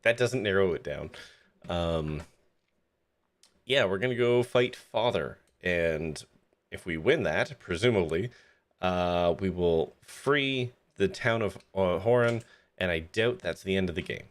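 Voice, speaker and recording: Chatty low-voiced man streaming a game. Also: expressive, measured pace. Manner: chatty, laughs easily, talks to chat and party. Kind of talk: casual live-stream commentary, reading game text aloud. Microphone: desk microphone. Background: game music.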